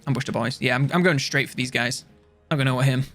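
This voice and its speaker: A young man chatting casually while playing a strategy game on stream, rambling and mocking himself with quick jokes. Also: medium pitch, a bit bright, soft background music. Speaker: gaming streamer. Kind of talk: casual let's-play commentary.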